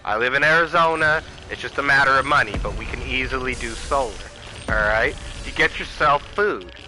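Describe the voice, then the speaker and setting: A man's voice: medium pitch, sharp tone, poor audio. A man hosting his own channel, delivering a heated, profane political rant and addressing viewers directly as y'all. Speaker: channel host. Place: Arizona home.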